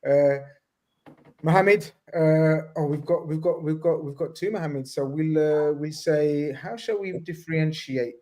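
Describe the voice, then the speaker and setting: A man hosting a casual fan panel over a video call, playful and excitable with jokey banter. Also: on the high side, a little slow. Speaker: podcast host.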